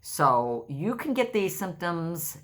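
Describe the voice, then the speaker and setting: A woman's voice: fairly low pitch, big pitch swings, slow pace. A woman in her sixties chatting to her viewers, telling stories and laughing often. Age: 60s. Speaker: vlogger. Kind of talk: casual chat to camera.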